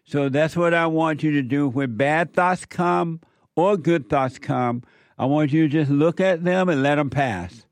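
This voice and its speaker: A man with a fairly high voice hosts a call-in show and counsels a caller. He speaks slowly and with emphasis, circling back to repeat each point. His voice is close and dry. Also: dry recording. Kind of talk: advice talk with a caller.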